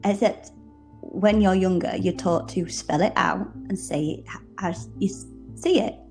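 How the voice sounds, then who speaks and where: A woman's voice: mid-range voice, a little slow, gravelly, a little mellow, soft background music. Playful British woman, laughing a lot. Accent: British English. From United Kingdom. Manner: playful, self-mocking, laughs often. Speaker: podcast co-host. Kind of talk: casual podcast chat.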